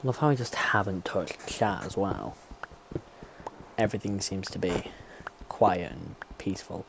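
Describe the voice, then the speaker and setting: Over a noisy background, a streamer keeps up a relaxed, chatty commentary to himself while gaming. His voice is low and creaky, animated yet unhurried.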